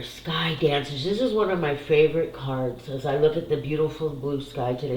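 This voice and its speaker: A woman's voice: deep voice, normal speed, hardly any pauses, a little mellow. Middle-aged woman, tearful psychic, candid and swearing, roomy echo, faint background hum. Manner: candid, emotional, swears freely. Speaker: psychic doing card readings. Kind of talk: casual spiritual talk to camera.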